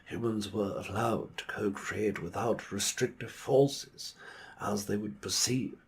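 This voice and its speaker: A man channeling a grandiose male alien entity in a put-on foppish British accent, lecturing slowly and earnestly. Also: lowish voice, slight background noise. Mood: solemn. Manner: slow, earnest, New Age lecturing. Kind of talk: played channeling video.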